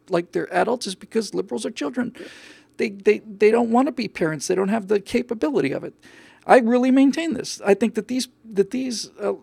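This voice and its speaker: A man hosting a podcast, delivering a forceful, sarcastic opinion monologue. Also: high voice, creaky, no room sound. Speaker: podcast host.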